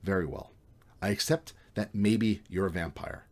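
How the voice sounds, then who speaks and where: A man voicing a skeptical, sarcastic young male roommate in a dry, deadpan way. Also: low voice, moderate pace.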